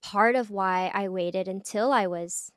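A woman in her late twenties co-hosting a podcast, speaking calmly and deliberately in casual chat. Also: mid-range voice, clear, resonant tone, dry recording, studio quality. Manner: listens with soft mm-hmms, speaks calmly and deliberately. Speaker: podcast co-host.

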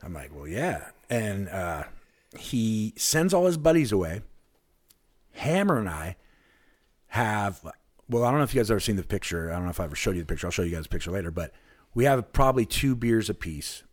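A man from Alaska, a podcast guest, telling a long, excited anecdote in casual chat and acting out the people in it. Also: fairly low pitch, brisk. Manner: excited, rambling anecdote with lively quoted voices.

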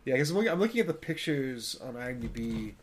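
A man co-hosting a relaxed podcast. He gropes for words with plenty of ums and restarts and lets out small chuckles along the way. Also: mid-range voice, fast talker. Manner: hesitant, lots of fillers and restarts, chuckles. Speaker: podcast co-host. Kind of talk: casual chat.

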